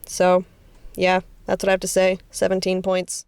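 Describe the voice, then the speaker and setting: A woman artist casually talking through her drawings, chatty and rambling, with excited high-pitched bursts. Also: normal speed, smooth, no echo. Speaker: artist vlogger. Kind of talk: casual art commentary.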